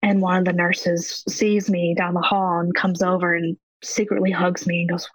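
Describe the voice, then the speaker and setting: A woman in her thirties, a guest on a podcast, telling her personal story in an emotional and halting way. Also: fairly low pitch, little pitch movement, slightly rough, dry recording. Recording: dry, dull lo-fi audio.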